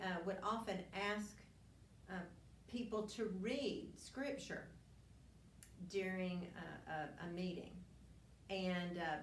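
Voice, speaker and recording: A woman teaches a Bible class at an unhurried pace, retelling scripture earnestly and restarting her sentences as she goes. She sounds distant from the mic in a roomy space with a faint hum of ambience. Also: mid-range voice. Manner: earnest storytelling with frequent restarts and asides. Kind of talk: Bible lesson, reading and explaining scripture. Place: church classroom.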